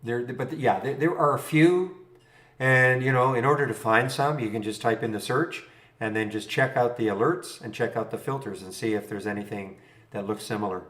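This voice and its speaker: A man's voice: mid-range voice, moderate pace, a bit bright. A man hosting a live trading stream, thinking aloud in a rambling, chuckling, casual way. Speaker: trading room host. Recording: roomy echo.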